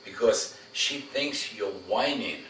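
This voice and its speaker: A man with a lowish voice gives blunt, coaching advice as a dog trainer. He sounds set back from the mic in an echoey room, with a faint hiss underneath. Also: slow, fairly bright tone. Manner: direct, coaching, repeats "okay?" for emphasis. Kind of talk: casual instruction at a home visit. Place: home room. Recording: roomy, distant camera mic, faint noise.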